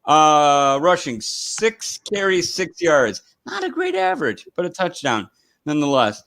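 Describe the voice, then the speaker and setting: A man's voice: fairly high pitch, very animated, unhurried, creaky, a bit bright, dry recording, low-quality recording. A man hosting a casual live stream, chatting in a rambling way with lots of fillers and restarts. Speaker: host.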